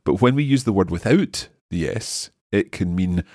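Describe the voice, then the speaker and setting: Husky deep-voiced man teaching. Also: animated, darkish tone, dry recording, studio quality. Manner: explains slowly, repeats phrases. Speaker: language teacher co-host. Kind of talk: casual podcast lesson.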